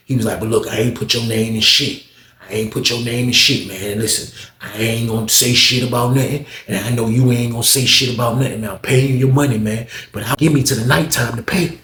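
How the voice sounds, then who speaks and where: A man telling a prison story in casual, animated fashion, acting out everyone's voices with heavy slang. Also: mid-range voice, roomy sound.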